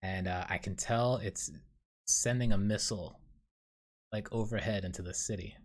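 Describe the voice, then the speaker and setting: A young man talks through a casual solo podcast, his voice sitting on the low side. He rambles and swears freely, often poking fun at himself mid-story. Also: steady tone, moderate pace. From New York City. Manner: rambling, profane, self-deprecating storytelling. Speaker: podcast host.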